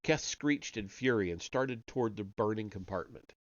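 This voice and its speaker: Over a dull, lo-fi home mic and a dry recording, a man with a lowish voice reads a story on a live stream at normal speed. He voices the characters only lightly and occasionally stumbles, correcting himself.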